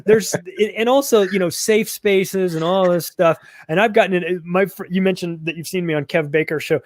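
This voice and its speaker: A man's voice: high voice, normal speed, dry recording. A middle-aged man being interviewed as a guest author, talking bluntly and mockingly in a casual conversation. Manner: blunt, mocking, acts out sarcastic impressions.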